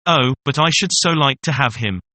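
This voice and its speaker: A man's voice: mid-range voice, normal speed, sharp tone, no echo, close to an everyday voice. A man reading the lines of an eager male farmer in a storybook. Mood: begging.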